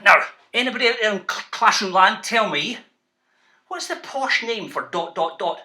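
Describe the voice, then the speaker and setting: A Scottish man, a children's author, reading and teaching to schoolchildren in an animated, playful, teasing way. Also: sits high, normal speed, soft background music.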